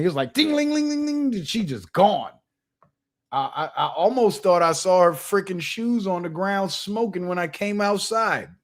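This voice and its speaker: A young adult man hosting his channel, telling a funny story in a casual monologue, animated and profane, with laughs. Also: a little high. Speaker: channel host.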